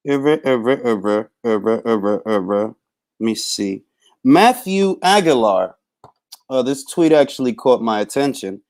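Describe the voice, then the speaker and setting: A man's voice: mid-range voice, expressive, measured pace, darkish tone. Man, casual live-stream host, laid-back, talks boxing, greets viewers by name.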